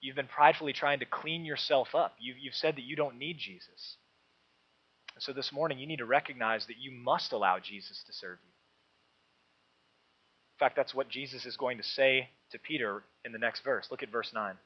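A man preaching a sermon to a congregation, emphatic and rising, then dropping into soft low asides. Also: moderate pace, slightly rough. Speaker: pastor. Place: church. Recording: dull lo-fi sound.

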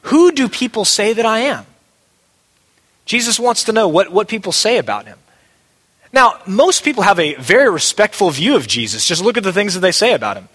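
A man's voice: sits high, big pitch swings, fairly quick, fairly bright tone, breathy edge. A male pastor preaching a sermon, emphatic and repeating key phrases for weight. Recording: long hall reverb.

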